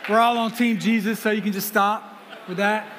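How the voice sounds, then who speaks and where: Preaching as a guest, this man from South Carolina has a high, steady voice and a moderate pace, weaving self-deprecating jokes into sincere stories from his life. The recording is very noisy and carries a hall's long reverb.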